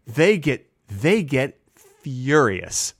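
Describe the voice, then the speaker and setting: A man co-hosting a comedy podcast, rambling through absurd tangents in a deadpan way and slipping into goofy voices when he quotes. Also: mid-range voice, drawn-out words, dry recording, studio quality. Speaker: podcast co-host.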